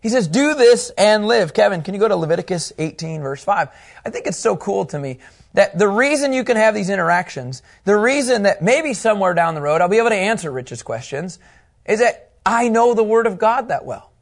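Higher-pitched guy teaching bible to a class, lively, keeps asking the room questions. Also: brisk, gravelly. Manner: animated, asks the class questions.

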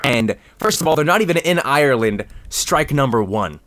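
A man hosts a comedy podcast and rants in a sarcastic, animated way. His voice sits at a middle pitch. The recording is dry and close. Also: moderate pace, dry recording. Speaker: podcast host. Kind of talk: casual comedic chat.

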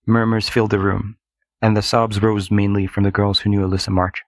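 A man narrating a scripted story in a steady, dramatic manner. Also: fairly low pitch, fairly quick, no echo.

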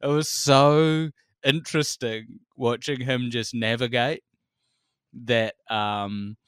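A man in his forties with a New Zealand accent, a comedian telling animated stories in a casual podcast chat and laughing often. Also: medium pitch, takes it slowly, clean tone, no echo, studio quality. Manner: animated storyteller, acts out quotes, laughs often. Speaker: comedian guest.

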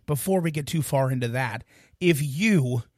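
A man's voice: mid-range voice, moderate pace, a little mellow, no echo. A man co-hosts a music podcast, chatting loosely and cracking jokes at his own expense. His voice sits in an ordinary middle range. The sound is dry and close, with no room behind it. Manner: joking, rambling, self-deprecating. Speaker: podcast co-host. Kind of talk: casual podcast chat.

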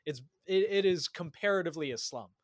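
A man's voice: a little high, lively intonation, a little fast, no room sound, clean studio sound. A man hosting a podcast, talking in an easygoing, wry way. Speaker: podcast host. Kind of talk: casual chat.

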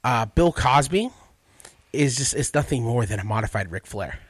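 A man's voice: mid-range voice, expressive, moderate pace, no room sound. A male stand-up comedian chatting casually and animatedly about his impressions. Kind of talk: casual podcast chat.

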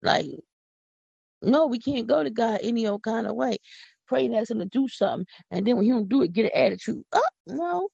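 Woman podcast host, gravelly and husky; fervent devotional preaching, dry close sound. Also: a little high, fairly quick, mellow, no room sound, dull audio. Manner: fervent, folksy, repeats words for emphasis. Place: home.

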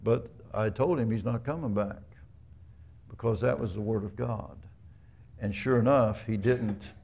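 A man's voice: fairly low pitch, a little slow, gravelly, a little mellow. A man preaching a sermon in a conversational, storytelling way, asking the congregation rhetorical questions. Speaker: pastor.

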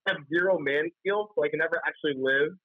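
Chatty self-mocking man from Florida, husky voice, dry tinny call audio. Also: a little high, fast talker, no echo. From South Florida. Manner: talkative, self-deprecating. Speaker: guest. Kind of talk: casual chat. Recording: tinny phone-like dry line.

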